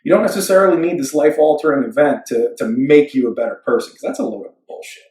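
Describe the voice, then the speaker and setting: A young man, a guest on an interview show, telling stories in a casual, animated way and swearing freely. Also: on the high side, quick pace. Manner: animated storyteller, swears casually, acts out quotes. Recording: roomy, somewhat distant mic.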